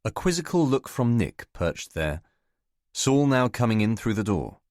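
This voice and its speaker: A man narrating a novel in the first person, in a measured storytelling manner. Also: mid-range voice, very animated, a little mellow, no echo, clean studio sound. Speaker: audiobook narrator.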